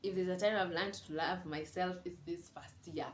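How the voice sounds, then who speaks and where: A woman's voice: on the low side, fairly even intonation, moderate pace. Young woman, candid vlog talk, echoey room, faint background hum. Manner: candid, confiding, mixes in Swahili words. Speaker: vlogger. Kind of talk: casual reflective monologue. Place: room at home.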